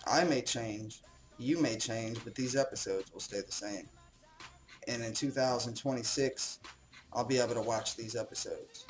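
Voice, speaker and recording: A man's voice: mid-range voice, normal speed, soft background music, low-quality recording. Rambling young man, casual commentary. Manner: rambling, self-deprecating, swears casually. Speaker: host.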